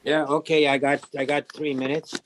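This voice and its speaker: A man joining a Bible class on a video call, talking in a halting way with many restarts and humming bits of old songs. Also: on the high side, flat delivery, a little hiss or hum. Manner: halting, many restarts, hums song snippets. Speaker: class participant. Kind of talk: casual chat.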